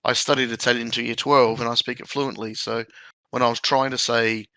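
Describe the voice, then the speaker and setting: A man hosts a relaxed podcast chat, his voice gravelly with a bright edge. He talks freely and laughs often, close to a dry mic. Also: medium pitch, a little fast, no room sound. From Australia. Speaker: podcast host.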